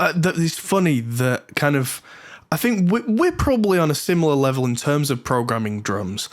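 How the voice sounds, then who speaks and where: A male host chatting casually with a guest, joking and throwing in quick asides. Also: on the high side. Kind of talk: casual video-call chat.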